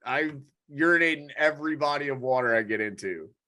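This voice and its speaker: A man's voice: on the high side, a little fast, sharp tone. A man co-hosting a podcast, chatting casually and teasing his co-host. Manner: laughs along, teasing. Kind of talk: casual chat.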